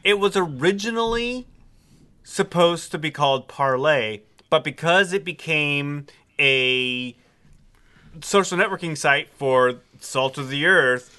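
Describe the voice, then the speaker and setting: Bright, wry male podcast co-host. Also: on the high side. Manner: wry, halting with restarts. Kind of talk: casual chat.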